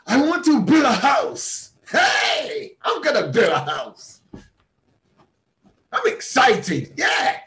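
A man who is a bishop, mentoring a class in a preaching style. He is emphatic, repeats words and breaks into sudden shouts. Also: very high-pitched, roomy sound. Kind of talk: motivational teaching talk in a preaching style.

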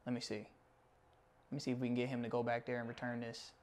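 A young man hosting a gaming channel, commenting on his football video game match as he plays, muttering through menus and shouting at big plays. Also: medium pitch, completely flat delivery, quick pace.

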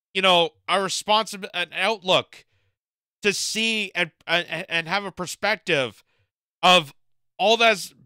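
High, bright-voiced man mocking the news. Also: clear, resonant tone, dry recording. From Canada. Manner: mocking and exasperated, laughs at his own jokes. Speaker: political commentary host. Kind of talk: opinion commentary on video.

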